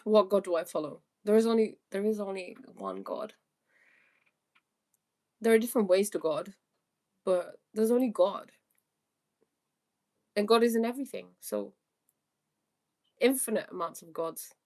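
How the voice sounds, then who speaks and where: A woman's voice: medium pitch, sing-song, measured pace, long pauses, dark tone. A young woman coaching on a live stream, answering viewer questions one by one. She speaks earnestly about spiritual ideas and laughs easily. She reads each question aloud before she answers. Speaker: life coach.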